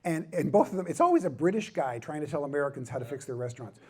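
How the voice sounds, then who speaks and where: A middle-aged man gives a humorous talk at a ministry conference. His voice sits a little high and has a husky grain. He mixes self-deprecating jokes with emphatic, repeated points. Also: lively intonation, racing. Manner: self-deprecating, joking asides, emphatic repetition.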